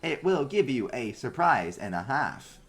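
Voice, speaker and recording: A man doing a squeaky little robot. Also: very animated, a bit bright. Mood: chirpy. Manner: squeaky, hurried and overly polite. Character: small chirpy robot errand runner.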